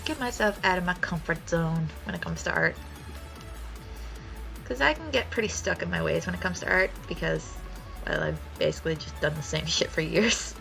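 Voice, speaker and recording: Lively, gravelly-voiced young woman streamer. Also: lowish voice, moderate pace, soft background music, low-quality recording. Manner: swears freely, laughs often, animated storytelling. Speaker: art streamer. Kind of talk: casual chat while drawing on stream.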